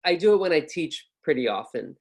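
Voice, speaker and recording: A man's voice: on the high side, sing-song, a little fast. Upbeat American man teaching a lesson. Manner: upbeat, chatty, with fillers and restarts. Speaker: ESL and test-prep teacher. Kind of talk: casual online lecture.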